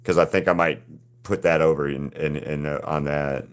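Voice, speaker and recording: A man's voice: extremely low pitch, steady tone, slight background noise. A man hosting a live drawing stream, chatting casually with viewers and often restarting his sentences. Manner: halting, frequent restarts and repeated words.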